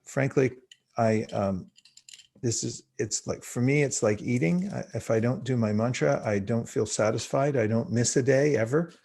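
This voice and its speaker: A man in his sixties giving a guided spiritual talk over a video call, teaching in an unhurried, measured way with frequent pauses. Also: mid-range voice, gravelly, a little mellow. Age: 60s.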